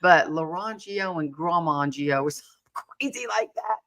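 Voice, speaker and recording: A woman's voice: fairly low pitch, moderate pace, a bit bright. A woman interviewing in a casual chat, reacting with chatty exclamations.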